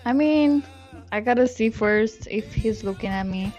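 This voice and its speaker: A woman's voice: a little high, unhurried, darkish tone, dull audio, faint music behind. A woman from Romania with a Romanian accent, chatting easily as a guest. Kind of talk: casual chat.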